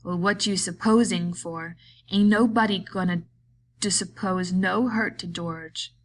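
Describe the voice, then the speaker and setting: A big, simple man-child, frightened and insistent, who repeats himself in halting, pleading words, as a woman acts him out. The reading has a somewhat low tone over faint background noise. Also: fairly even intonation, lightly acted. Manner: pleading, halting, repetitive speech.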